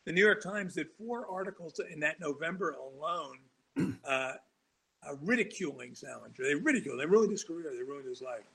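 A man talks as a guest on a talk show, spinning long anecdotes that wander, restart and break into chuckles. His voice is gravelly and husky, pitched a bit high for a man. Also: animated, fairly quick, pushed and bright, poor audio. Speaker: author guest. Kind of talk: casual storytelling interview.

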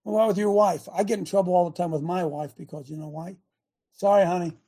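An older man with a high, husky voice rants as a show host, fired up and emphatic. He drives each point home by saying it again and again. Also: steady tone, fast talker, warm tone. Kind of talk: impassioned opinion monologue.

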